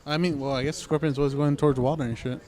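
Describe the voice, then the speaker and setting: A man's voice: a little high, fairly even intonation, fast, a little mellow. Loose joking young man on a podcast. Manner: loose, joking, swears casually. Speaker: podcast co-host. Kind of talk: casual podcast banter.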